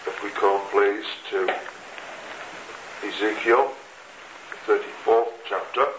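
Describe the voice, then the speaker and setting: Slow deliberate man preaching. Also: fairly low pitch, steady tone. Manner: slow, deliberate scripture reading. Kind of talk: expository sermon. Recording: echoey lo-fi radio recording with noise.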